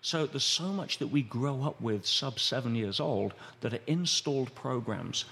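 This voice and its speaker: A man's voice: mid-range voice, moderate pace, vocal fry, husky. A man as a podcast guest, explaining at length in a conversational way and acting out quoted voices as he goes. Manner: animated, acts out quoted voices.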